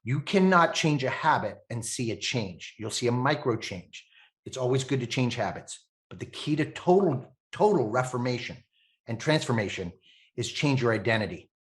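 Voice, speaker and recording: A man in his fifties from Canada, a podcast guest telling animated stories, laughing often and acting out the voices of people he quotes. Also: mid-range voice, moderate pace. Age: 50s. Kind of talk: animated storytelling.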